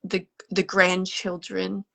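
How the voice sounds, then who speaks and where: Gentle gravelly-voiced woman medium. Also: lowish voice, monotone. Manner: gentle and halting, relaying messages, often dropping to a whisper. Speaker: psychic medium. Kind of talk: live mediumship readings to an audience.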